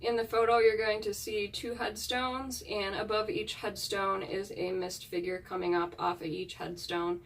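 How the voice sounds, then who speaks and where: A woman's voice: mid-range voice, level tone, normal speed, few pauses, recorded from a distance, a little hiss or hum. A woman who hunts ghosts, talking earnestly in a casual chat with her viewers. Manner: chatty and earnest, with frequent fillers. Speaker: paranormal investigator vlogger.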